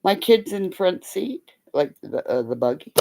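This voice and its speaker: A woman's voice: lowish voice, unhurried, creaky, noisy background. A middle-aged woman telling rambling, profane stories in casual chat, acting out the voices of the people in them. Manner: profane, animated, acts out quoted voices. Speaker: live streamer.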